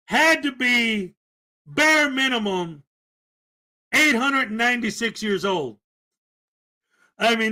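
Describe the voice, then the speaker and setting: High, bright-voiced man telling a story. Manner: rambling, animated storytelling with many fillers. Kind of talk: casual podcast chat.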